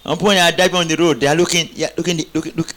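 A man's voice: a little high, steady tone, very fast, a bit bright. A man preaching a sermon, calling on the congregation to answer back and rising into emphatic exclamations. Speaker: pastor.

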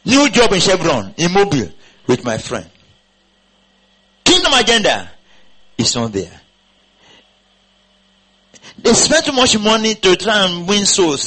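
A man preaching a sermon to his church in a somewhat high voice that leaps up and down all the time. He keeps asking his listeners questions and has them say his lines back to him. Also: very animated, measured pace, pauses often, sharp tone, low-quality recording. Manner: preaching with call-and-response and rhetorical questions. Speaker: pastor. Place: church congregation.

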